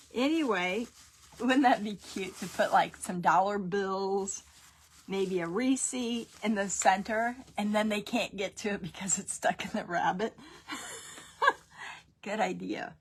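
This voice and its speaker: Gravelly-voiced grandmother chatting through a craft. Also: mid-range voice, slight background noise. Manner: rambling, laughs often while telling stories. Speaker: craft tutorial host. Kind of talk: chatty DIY tutorial with storytelling.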